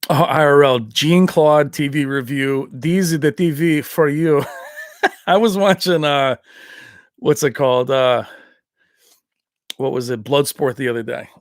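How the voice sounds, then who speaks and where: A man's voice: a little high, steady tone, a little slow, long pauses, no echo, clean studio sound. Rambling man hosting a livestream chat. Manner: rambling, laughs often. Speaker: livestream host.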